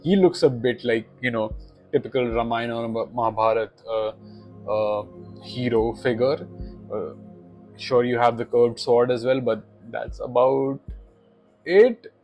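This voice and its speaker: A man hosts a video review in casual, opinionated commentary. He sounds skeptical and critical, stumbles and corrects himself often, and his pitch leaps up on ironic remarks. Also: steady tone, a little slow, a little mellow, soft background music. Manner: skeptical and critical, with frequent hesitations and self-corrections. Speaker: YouTube host reviewing tabletop RPG products.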